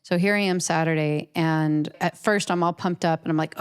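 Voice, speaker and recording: A woman's voice: lowish voice, steady tone, normal speed, few pauses, smooth. A woman artist telling an earnest, emotional personal story as an interview guest, often restarting and repeating her words.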